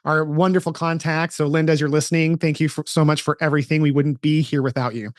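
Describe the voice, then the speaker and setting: A man in his forties hosting a casual podcast chat, his voice sitting a little high for a man. He tells stories with animated energy, breaking off and restarting his sentences as he goes. The sound is close and dry, with no room echo. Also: fast. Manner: animated storytelling with frequent restarts. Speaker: podcast host.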